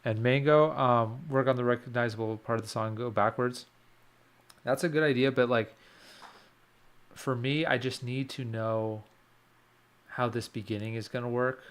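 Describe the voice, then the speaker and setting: A man's voice: medium pitch, fairly even intonation, moderate pace, pauses often. A young man producing music on a livestream, musing aloud and questioning his own choices as he works. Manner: thinking aloud, self-questioning. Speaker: music producer live-streaming. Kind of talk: casual livestream commentary.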